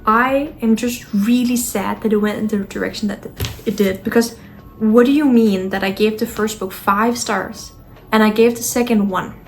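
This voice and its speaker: A woman's voice: mid-range voice, fairly even intonation, normal speed. A woman book vlogger talking casually to camera at home, frustrated, blunt and swearing as she rants. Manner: blunt and exasperated, with sighs. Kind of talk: casual vlog talk to camera.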